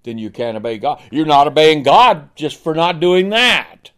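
A man's voice: on the high side, very animated, normal speed, fairly bright tone. A man preaching a sermon. He asks the congregation pointed questions and acts out the figures of scripture. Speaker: pastor.

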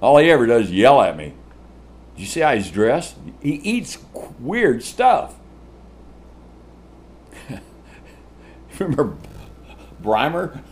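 A man preaching a sermon, swinging from shouted lines to hushed ones and laughing often. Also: medium pitch, sing-song, slow pace, pauses often, a little hiss or hum.

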